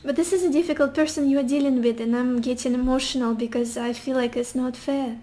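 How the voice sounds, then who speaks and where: A woman's voice: sits high, fairly even intonation, fast, mellow. A young woman giving a casual tarot reading, musing intuitively with sassy asides. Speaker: tarot reader.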